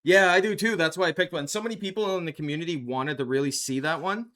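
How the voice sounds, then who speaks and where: Chatty man, slightly high voice. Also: quick pace, fairly bright tone. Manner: chatty, answers chat, laughs often. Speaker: livestream host. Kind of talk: casual live-stream chat. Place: home streaming desk. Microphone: desk microphone.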